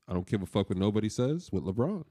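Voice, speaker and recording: A young man co-hosting a casual podcast chat, talking in an animated, profane and teasing way. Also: lowish voice, fast talker, husky. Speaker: podcast co-host.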